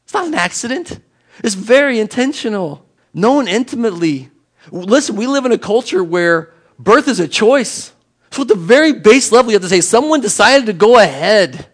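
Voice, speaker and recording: A man's voice: high-pitched, expressive, normal speed. A man preaching a sermon in an emphatic, conversational way, acting out little exchanges with people. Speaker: pastor.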